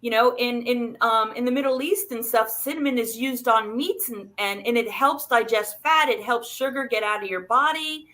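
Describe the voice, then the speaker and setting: A woman's voice: fairly high pitch, moderate pace, few pauses, a bit bright. A woman speaking as a doctor guest on a talk show, explaining nutrition with everyday examples.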